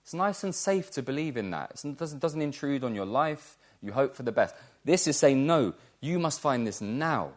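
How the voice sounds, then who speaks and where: A man's voice: medium pitch, expressive, moderate pace, few pauses. A man preaching a sermon in a church, earnest and emphatic, repeating key words for stress.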